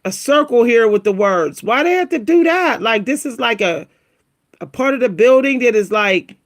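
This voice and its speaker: A woman hosting a casual livestream, talking to her viewers, laughing often and exclaiming in a high squeal. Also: moderate pace. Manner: animated, keeps exclaiming "what?" in a high squeal; laughs between remarks, talks to viewers as "y'all". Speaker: livestream host reacting to pictures.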